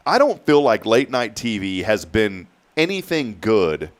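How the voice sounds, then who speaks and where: A middle-aged man with a lowish voice hosts a casual morning show. He chats easily and acts out the lines when he retells old TV skits. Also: a little slow. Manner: animated storyteller, acts out quotes. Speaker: radio show host.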